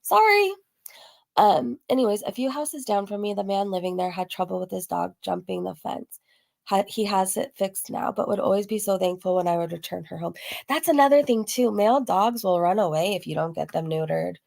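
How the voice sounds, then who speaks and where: A woman with a gravelly, hoarse-sounding voice, chatting casually on a livestream as she reads and answers viewer comments, rambling with lots of fillers. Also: medium pitch, fairly quick, a little mellow. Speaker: livestream host. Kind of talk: casual live-stream chat reading comments.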